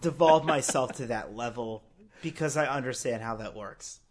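A man's voice: medium pitch, moderate pace. A man hosting a podcast, chatting casually and teasing his guest with a sarcastic, rambling manner. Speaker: podcast host. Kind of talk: casual chat.

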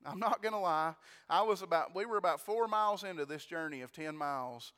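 Male preacher, sermon storytelling, high voice, smooth resonant tone, long church-hall reverb. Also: fairly quick. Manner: animated, repeats words, exclaims praise.

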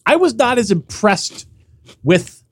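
A man's voice: high-pitched, slow pace, slightly rough, dry recording. A man co-hosting a casual podcast, joking and sniffly as he banters with his partner. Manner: animated, jokey, sneezing and sniffly. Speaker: podcast co-host.

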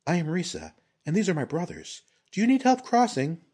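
A man's voice: a little high, wildly swooping pitch, brisk, darkish tone, slightly rough, pitched above the performer's own voice, exaggerated voice. A man voicing a scarred ronin woman who stays cool and taunting. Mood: polite. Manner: silky, taunting.

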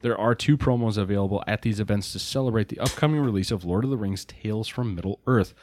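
A podcast host jokes around casually while reading out lists of event dates and places. His voice is fairly low, fast and a little mellow, with slight background noise.

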